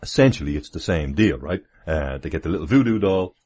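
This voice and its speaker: Husky, very deep-voiced man. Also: lively intonation, fairly quick, a little mellow. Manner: rambling, chatty, chuckles often. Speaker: livestream host. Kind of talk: casual livestream talk. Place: home, near the kitchen.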